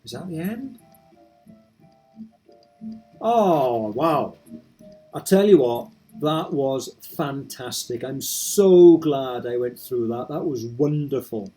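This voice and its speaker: A man's voice: mid-range voice, lively intonation, slow, pauses often, warm tone, soft background music. A man commenting casually while playing through a video game, gushing with effusive reactions.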